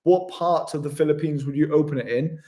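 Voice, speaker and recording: Travel vlogger guy, chatty and matey, reading chat on a live stream, slightly high pitch. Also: fairly quick, dark tone. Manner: chatty, matey, reads out viewer comments.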